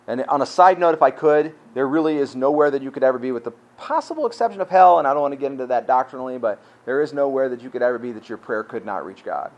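A male pastor's conversational sermon comes fast with few pauses, his medium-pitched voice expressive as he repeats words and asks rhetorical questions. His volume drops from full to quiet, and the recording is rough.

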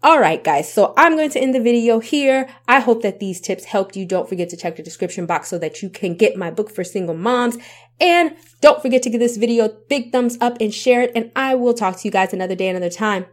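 A woman's voice: on the high side, brisk. Emphatic woman giving parenting advice. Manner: emphatic, repeats points, asks rhetorical questions. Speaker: parenting vlogger and author. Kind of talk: casual advice talk to camera.

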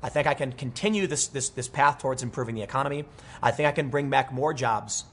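Husky-voiced man ranting about politics. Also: medium pitch, fast talker. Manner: animated, rambling, many restarts. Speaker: political commentator. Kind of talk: unscripted commentary monologue.

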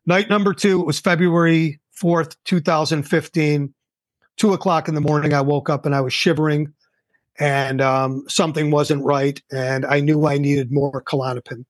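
Older male guest, animated storyteller, slightly high voice, dry close sound. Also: dry recording. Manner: animated, acts out quoted dialogue. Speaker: guest, entrepreneur. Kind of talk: casual interview storytelling.

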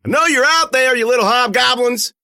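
A scrappy young survivor woman, fierce and defiant, as a male narrator puts her on. Her voice sits well above his own and jumps around a lot, shouting taunts. The sound is dry and close. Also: huge pitch swings, measured pace, slightly rough, no room sound, heavily acted. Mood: taunting. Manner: defiant shouting, high put-on voice. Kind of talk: audio fiction reading.

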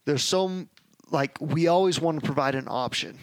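A man's voice: on the high side, moderate pace, no echo. A young man hosting a podcast, explaining his business approach in earnest casual chat with loose phrasing. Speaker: podcast host, business owner.

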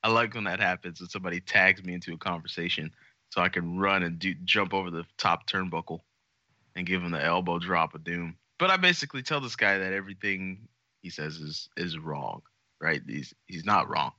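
A low-voiced man chats on a podcast with lots of energy, joking, cussing and hamming up his points. His voice has a very bright, forward edge. The sound is dry and a little muffled. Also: brisk, no echo. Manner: animated, jokey, swears freely. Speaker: podcast co-host. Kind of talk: casual podcast chat.

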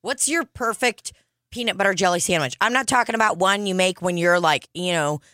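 A woman co-hosting a casual comedy podcast, animated and laughing often. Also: mid-range voice, fairly quick, dry recording, clean studio sound. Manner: animated, laughs a lot, jokey voices. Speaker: podcast co-host.

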